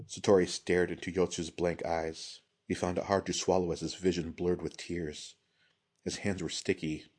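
A man reading a fantasy story aloud as scripted narration, in a measured, steady way. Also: low voice, slightly rough. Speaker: audiobook reader.

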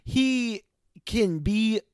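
A man's voice: sits high, expressive, drawn-out words, darkish tone, clean tone, no echo, clean studio sound. A man from Ireland, co-hosting a casual TV recap podcast, emphatic and laughing often. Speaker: podcast co-host.

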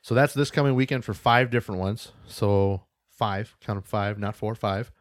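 A man's voice: lowish voice, moderate pace, dry recording, studio quality. A man co-hosting a casual podcast, reading out news and events with loose, joking asides and casual swearing. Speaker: podcast co-host.

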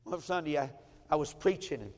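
A man's voice: a little high, expressive, fairly quick, a little mellow, long reverb tail. A man, a pastor telling a personal story in a sermon with heartfelt, emotional repetition. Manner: heartfelt, emotional telling with many repeated phrases. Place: church sanctuary.

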